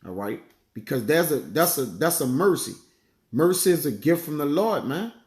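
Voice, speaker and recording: A man's voice: a little high, very animated. Casual man teaching scripture, echoey room. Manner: conversational, peppers lines with "man" and "all right"; reads verses slowly, searches aloud for passages. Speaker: bible teacher. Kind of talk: casual sermon with scripture reading.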